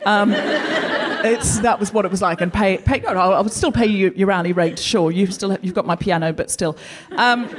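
A woman from Australia hosting a live comedy show with laughing, animated, self-mocking stand-up storytelling. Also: mid-range voice, moderate pace. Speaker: comedian host. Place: live festival stage.

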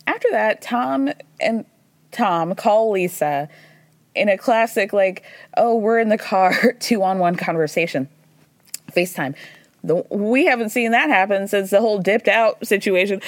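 A woman hosting a podcast, recapping reality TV in a chatty, sarcastic way with quick asides and playful impressions of the people she quotes. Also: mid-range voice, lively intonation, no echo. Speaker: podcast host. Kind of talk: casual recap commentary.

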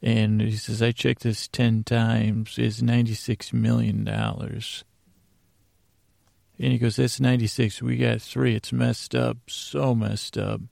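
A man hosting a sleep podcast, recapping a TV episode in a meandering, halting way with many pauses and self-corrections. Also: medium pitch, little pitch movement, creaky, a little mellow, no echo, studio quality. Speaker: podcast host.

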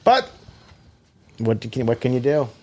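A man chatting casually on a podcast, telling an animated, profane story and acting out quoted phone calls in a flatter, lower voice. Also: normal speed, noisy background. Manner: animated storytelling, self-described hothead, profane. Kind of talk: casual chat.

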